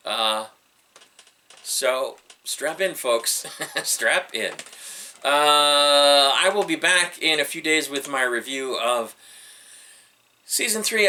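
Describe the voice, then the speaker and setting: A man's voice: fairly low pitch, pushed and bright. A middle-aged man giving casual, rambling solo commentary on entertainment news, wry and skeptical, with frequent ums and uhs.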